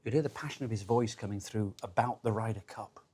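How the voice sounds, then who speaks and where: A man's voice: fairly low pitch, fast, a little mellow, breathy edge. A Scottish man in his fifties, a former golf captain, emphatically recalling a moving team moment. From Scotland. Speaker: former Ryder Cup captain. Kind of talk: casual dinner chat.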